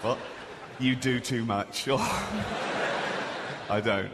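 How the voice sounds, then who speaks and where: A man's voice: mid-range voice, big pitch swings, slow, very noisy. A middle-aged man doing a stand-up comedy routine, telling crude, sarcastic, self-mocking stories to a theatre audience. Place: large theatre stage with audience. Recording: live hall recording with loud audience. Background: audience laughter.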